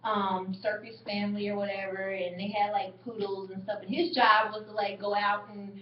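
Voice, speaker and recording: A woman's voice: mid-range voice, moderate pace. A young woman and mother retelling movie scenes in casual webcam chat, laughing often. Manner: animated storyteller, laughs often. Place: indoor room. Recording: echoey, distant, dull webcam audio.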